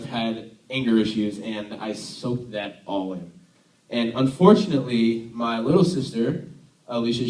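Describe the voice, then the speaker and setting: A man's voice: medium pitch, darkish tone. A young man from Tennessee giving a casual, joking sermon as a youth worship leader, chatty and self-deprecating. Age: young adult. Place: church hall. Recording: echoey hall, mic from far off.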